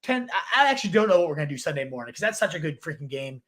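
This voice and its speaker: A man hosting a casual fantasy football livestream, answering viewer comments in a rambling, halting way with lots of fillers. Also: a little high, sing-song, a bit bright. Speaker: fantasy football show host.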